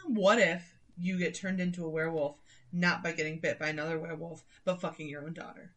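A woman's voice: low-pitched, fairly even intonation, a little fast. A woman co-hosting a podcast in casual chat, playful and sarcastic as she floats wild theories. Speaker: podcast co-host.

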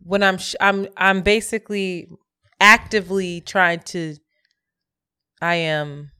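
A woman co-hosting a podcast in casual chat, emphatic and playful, with quick asides. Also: fairly low pitch, fairly even intonation, pushed and bright, smooth. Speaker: podcast co-host.

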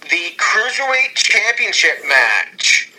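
A man in casual chat, excitedly rambling through an imagined storyline with many restarts. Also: high voice, takes it slowly, poor audio. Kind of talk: casual fantasy-booking chat.

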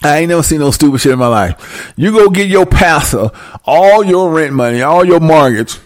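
A man's voice: on the high side, lively intonation, normal speed. A man delivering a profane, preachy comedic rant straight to his viewers.

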